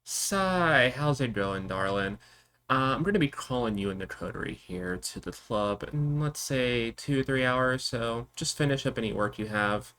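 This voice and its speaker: A man's voice: medium pitch, animated, normal speed, fairly bright tone, pitched above the performer's own voice, lightly acted. A man voicing a flamboyant vampire's letter in an airy, teasing way. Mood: breezy.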